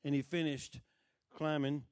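A middle-aged man preaching, telling a story with lively acted-out voices. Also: fairly high pitch, a little slow, no echo. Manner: animated storyteller who acts out quoted voices. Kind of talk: sermon storytelling.

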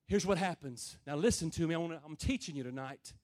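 A man preaching a sermon to a room of men, plain and folksy, rising to loud calls and dropping to low murmurs. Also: fast, hardly any pauses. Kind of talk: sermon to a men's gathering.

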